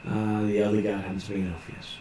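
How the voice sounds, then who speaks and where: A man with a somewhat low voice runs a tabletop game as its game master. He talks haltingly, filling gaps with drawn-out pauses. His voice rings around an echoey room over a faint background hiss. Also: level tone, warm tone. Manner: halting, many filler pauses.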